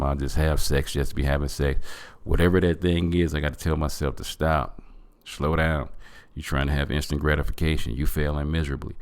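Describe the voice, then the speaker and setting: Very deep-voiced man giving a motivational talk. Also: no room sound. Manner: earnest, preachy, addresses listeners as family. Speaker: podcast host.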